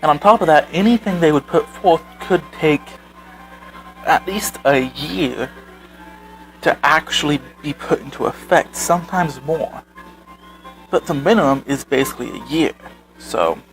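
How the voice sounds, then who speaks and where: Man, slightly raised pitch, sarcastic reaction commentary, exasperated, soft background music. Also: expressive, measured pace, pauses often, low-quality recording. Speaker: commentary video host. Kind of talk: reading and reacting to posts.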